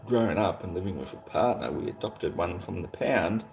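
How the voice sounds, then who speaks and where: An Australian man hosts a livestream in a low, gravelly, darkish voice that's animated and at normal speed. Reading viewer comments, he chats casually and greets viewers in a rambling, laid-back way, swearing casually.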